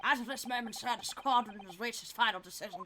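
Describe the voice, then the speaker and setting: A woman voicing a rousing, military-style male jury foreman in a game, loud and rallying. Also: a little high, fast talker, slight background noise, voice pushed down.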